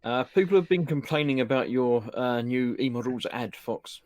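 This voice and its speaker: A man co-hosting a relaxed live-stream chat relays viewer comments and questions, padding them with fillers. His voice sounds close and dry, with no room echo. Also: medium pitch, moderate pace. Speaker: co-host reading viewer comments.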